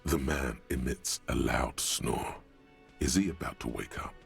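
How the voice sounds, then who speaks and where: Brief: a game's inner-voice narrator, very low and gravelly, slow and ominous. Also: male voice, faint music behind, exaggerated voice. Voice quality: gravelly, very deep. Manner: slow, measured, second-person narration. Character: deep gravelly male game narrator, inner voice. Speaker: game narrator.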